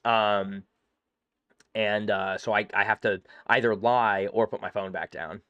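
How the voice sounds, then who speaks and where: A man streaming a game, chatting casually and rambling through stories with quick asides. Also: fairly low pitch, steady tone, smooth, no room sound, lo-fi sound. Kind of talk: casual live-stream chat.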